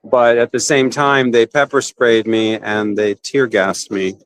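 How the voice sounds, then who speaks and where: Older male protester, plain mid voice, halting first-person account. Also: medium pitch, level tone, clear, resonant tone, poor audio. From California, USA. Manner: halting, repeating words while recounting. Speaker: injured protester interviewed.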